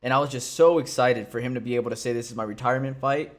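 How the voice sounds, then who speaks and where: Relaxed, chatty male podcast co-host. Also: mid-range voice, very fast. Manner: relaxed and chatty, with easy laughter. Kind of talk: casual sports podcast chat.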